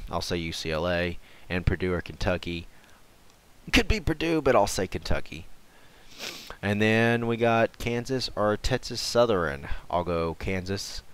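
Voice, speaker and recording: A man with a low, smooth, clean voice talks over a screen recording in a relaxed, thinking-aloud way. He hesitates often, fills gaps with "uh" and "um", and corrects himself as he goes. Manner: unhurried, hesitant, lots of fillers and self-corrections. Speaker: gaming and sports channel host. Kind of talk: casual thinking-aloud commentary.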